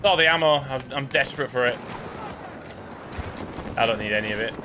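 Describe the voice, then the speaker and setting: A man from the UK giving joking, excitable commentary while playing a game, chatting to his teammates. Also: mid-range voice, fairly quick, a little hiss or hum. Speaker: gaming YouTuber. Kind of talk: casual gameplay commentary. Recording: game sounds clearly behind the voice.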